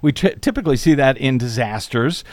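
A man's voice: medium pitch, expressive, a little fast, a little mellow, no echo. Male talk radio host, easygoing, hesitant questioner, dry studio sound. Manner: easygoing, hesitant with frequent uh's. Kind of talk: conversational interview.

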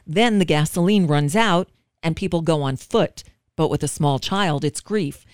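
A woman's voice: deep voice, a little slow, no echo, studio quality. A woman radio show host earnestly recounting a personal story in an emotional telling.

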